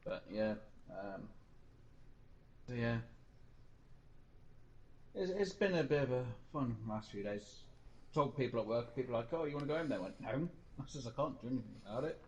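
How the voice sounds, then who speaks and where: A man's voice: medium pitch, expressive, moderate pace, pauses often, a little mellow, highs cut off, a little hiss or hum. A man streaming a game, rambling through a personal story in casual chat and mimicking other people's lines. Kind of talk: casual chat while gaming.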